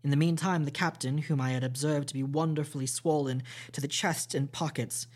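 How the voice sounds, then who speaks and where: A man hosting a podcast, reading a classic novel aloud as storytime narration, steady and measured with small slips. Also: fairly high pitch.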